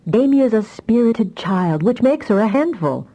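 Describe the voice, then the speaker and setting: A woman reading an audiobook voices a calm, affectionate husband who talks in a gentle, teasing way. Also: a little high, a little slow, voice pushed up, rough recording. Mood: gently teasing.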